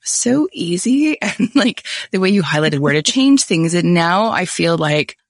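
A woman's voice: lowish voice, very animated, unhurried, slightly rough, no echo, studio quality. A woman hosting a podcast interview, chatty and casual, with many "like" fillers. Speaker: podcast host.

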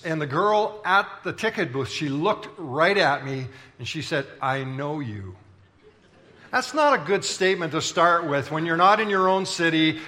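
A man's voice: a little high, pushed and bright. A man preaching a sermon as pastor, telling stories in a playful, conversational way and bantering with the congregation. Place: large church auditorium.

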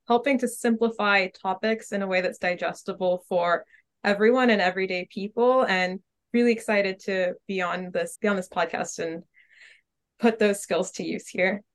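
A woman with a mid-range voice introduces herself on a podcast. She sounds friendly and upbeat. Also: mid-range voice. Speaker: panel guest. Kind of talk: casual self-introduction.

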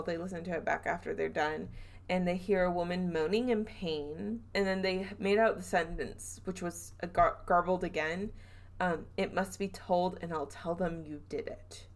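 A woman with a Southern US accent hosts a casual podcast and tells a spooky story. Her voice sits fairly low, and she keeps it chatty and animated, acting out each quote as it comes. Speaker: podcast host.

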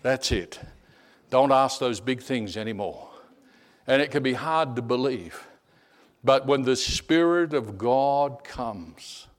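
Animated man preaching with stories. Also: medium pitch. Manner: animated storyteller, repeats words, drops to a hush. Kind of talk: sermon with personal storytelling.

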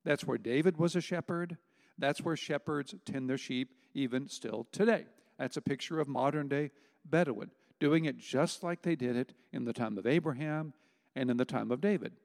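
Gravelly pastor preaching in a reverberant hall. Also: male voice, medium pitch, a little mellow. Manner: conversational preaching with emphatic pauses. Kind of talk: sermon.

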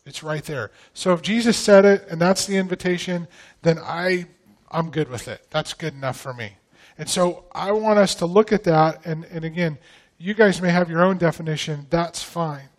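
A man's voice: on the high side, moderate pace. Man preaching a conversational sermon. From northern United States. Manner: conversational, asks the congregation questions. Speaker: guest pastor.

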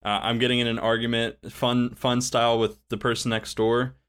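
A young man co-hosting a podcast in casual chat, animated and given to loud outbursts. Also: mid-range voice, moderate pace, smooth. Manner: animated, jumps into loud exclamations. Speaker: podcast co-host.

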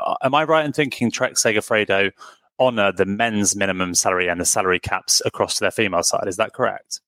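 A man's voice: on the low side, a bit bright, dry recording. A man hosting a casual interview, asking rambling questions and cracking jokes. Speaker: podcast host.

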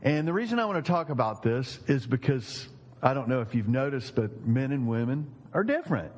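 Man preaching in a church, tells stories with punch, mid-pitched voice, long echo. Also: sing-song, fairly quick. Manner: storytelling, emphatic. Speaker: pastor. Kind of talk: sermon. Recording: long reverberant hall.

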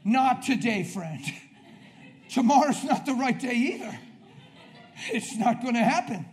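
A man with a high voice preaches with fire to a church congregation. He shouts the big lines, then drops to soft, chatty asides. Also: expressive, measured pace. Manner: intense, shouting bursts then quiet confiding asides. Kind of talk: passionate sermon.

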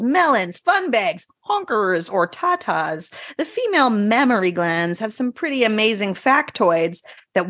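Woman podcast cohost, bubbly and bawdy, slightly high voice, dry booth sound. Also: fairly bright tone, no echo. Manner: playful, giggly, bawdy joking. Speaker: podcast co-host. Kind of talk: casual chat.

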